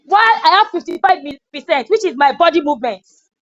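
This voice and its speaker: A woman with a very high voice runs a classroom training session, animated and demonstrative. The recording is dull and lo-fi, taken in a lecture room. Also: brisk. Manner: animated, acts out scolding.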